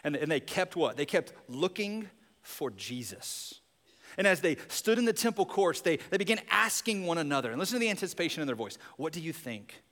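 A man preaching a sermon as pastor, telling a story with animated, expressive delivery and dropping into hushed reflective moments. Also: fairly high pitch, a little fast, in a large hall.

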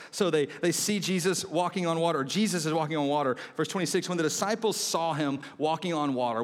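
Young male pastor, lively sermon delivery, high voice, long church-hall echo. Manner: animated storytelling, swings between excited and hushed. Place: church auditorium.

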